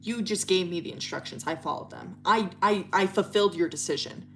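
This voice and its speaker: A woman's voice: mid-range voice, fairly quick, fairly bright tone, soft background music, lightly acted. A woman voicing a manipulative, deranged young man in her own casual, insistent retelling voice.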